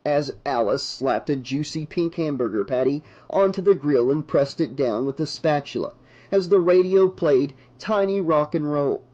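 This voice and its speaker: A man reading a horror novel aloud as an audiobook narrator, in measured, dramatic narration. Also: fairly high pitch, warm tone, lo-fi sound.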